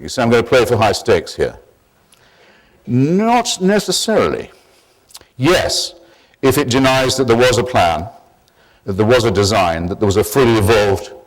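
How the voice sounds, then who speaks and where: A man giving a public lecture in a wry, digressive, measured way. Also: lowish voice.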